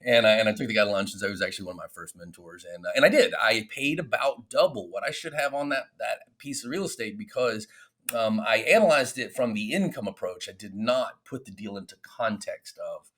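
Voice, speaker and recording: A male podcast guest with a mid-range voice who speaks candidly and tells stories with animation. He talks in a relaxed, conversational interview style. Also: fairly low pitch, brisk. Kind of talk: casual interview storytelling.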